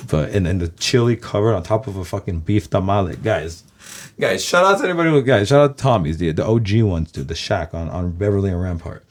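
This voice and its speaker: Deep-voiced la guy, californian accent, rambling on to his viewers, swears a ton, keeps saying guys. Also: a little fast, few pauses, a little mellow. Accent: Californian American. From Los Angeles, USA. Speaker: vlogger. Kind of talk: casual rambling monologue.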